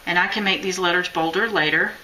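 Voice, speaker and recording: Bright-voiced lady doing a chalk lettering stream, chatty and encouraging, faint hiss in the background. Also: lowish voice, steady tone, fast talker, poor audio. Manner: chatty, encouraging, talks while working. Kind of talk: live-stream drawing tutorial.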